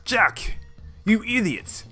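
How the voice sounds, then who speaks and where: A man gives voice to a hot-tempered male pirate deckhand who shouts high and sharp. He scolds his crewmate with rough pirate growls. The tone is bright and biting. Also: big pitch swings, slow, soft background music, exaggerated voice. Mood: angry scolding.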